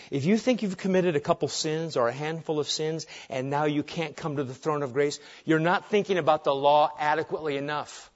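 Earnest preaching man, muffled recording. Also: on the high side. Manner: earnest, repeats short emphatic phrases. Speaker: pastor. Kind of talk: sermon. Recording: dull lo-fi recording.

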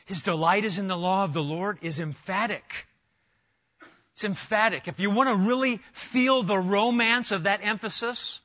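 A middle-aged man preaching an expository sermon, emphatic and animated, often restarting his phrases. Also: high voice, lo-fi sound. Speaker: pastor.

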